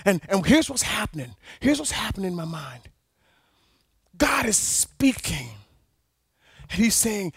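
A man preaching a sermon, telling a personal story in an animated way and at times breaking into shouts. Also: high voice, measured pace, pauses often, husky, no room sound.

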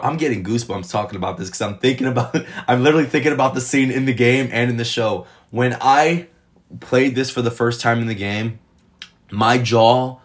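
A man casually reviewing a TV episode, retelling scenes in an excited, rambling way full of swearing. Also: medium pitch. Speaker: TV show reviewer.

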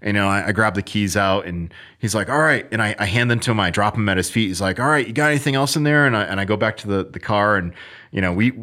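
A man, a firearms instructor, telling a story in casual chat with lively acted-out quotes. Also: lowish voice, fast.

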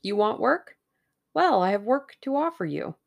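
A woman doing a smooth scheming businessman. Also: mid-range voice, very animated, normal speed, muffled recording, pitched above the performer's own voice. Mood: smooth, persuasive. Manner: genial and persuasive.

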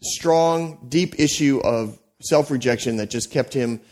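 A pastor delivering a sermon, telling a story with animated asides to the congregation and frequent restarts. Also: male voice, mid-range voice, a little slow.

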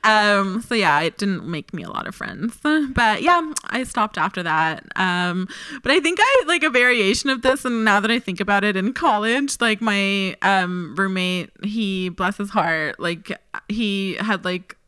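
A woman's voice: medium pitch, animated, a little slow, sharp tone, smooth, dry recording. A young woman in her twenties co-hosting a podcast, chatting casually, laughing often and filling her talk with "like.". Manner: giggly, self-deprecating, many fillers. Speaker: podcast co-host. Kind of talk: casual chat.

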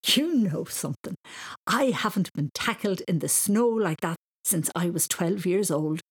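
Kind dad, teasing and playful, low husky voice, a lady reading the part. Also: expressive, unhurried. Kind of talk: storybook reading.

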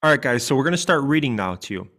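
A man's voice: mid-range voice, expressive, a bit bright. A man from the United States co-hosting a podcast, chatting casually and reading his own writing aloud in an earnest, feeling way. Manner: earnest, reads slowly with feeling. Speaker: podcast co-host.

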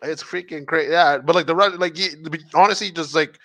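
A man co-hosting a casual comedy podcast, telling wild stories excitedly with lots of swearing. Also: a little high, fairly quick, no room sound. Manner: excited storyteller, swearing, laughing through stories. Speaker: podcast co-host.

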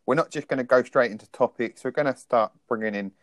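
A man's voice: medium pitch, quick pace, no echo, clean studio sound. A man co-hosting a podcast, chatting casually and poking fun at himself. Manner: lively, self-deprecating banter. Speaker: podcast co-host. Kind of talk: casual chat.

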